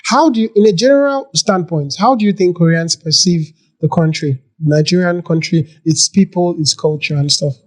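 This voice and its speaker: A podcast host at a mid-range pitch, asking questions in a loose, chatty manner. The questions come out with small restarts, and the delivery stays conversational and easygoing. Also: moderate pace, few pauses. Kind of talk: casual interview questions.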